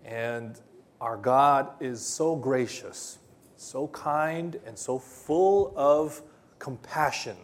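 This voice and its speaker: Slow, hesitant male preacher. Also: medium pitch. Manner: hesitant, many ums and uhs, gentle storytelling. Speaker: pastor. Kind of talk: sermon.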